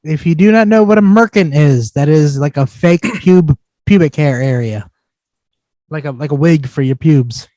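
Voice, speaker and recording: A man's voice: a little high, moderate pace, mellow, dry recording. A man co-hosting a comedy podcast, wisecracking in casual, joking banter. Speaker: podcast co-host.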